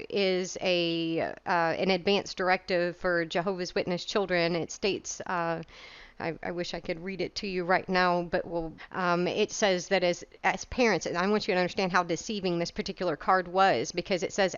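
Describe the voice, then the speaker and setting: Brief: middle-aged woman, earnest personal account, smooth voice, dry close sound, a little lo-fi. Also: mid-range voice, a bit bright, no echo. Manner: earnest, many fillers and restarts. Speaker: former Jehovah's Witness telling her story. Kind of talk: personal story told to camera.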